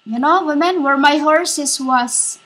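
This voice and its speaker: A woman with a high, bright voice delivers a rambling spiritual monologue. She speaks slowly and haltingly, repeating herself and breaking off to address her listeners as women. She sounds like a self-styled preacher. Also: rough recording.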